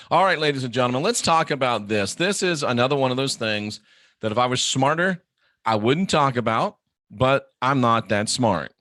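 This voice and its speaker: Blunt, animated man host. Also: medium pitch, moderate pace, no room sound, studio quality. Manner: blunt, animated, swings into loud mock shouting. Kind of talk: live online show monologue.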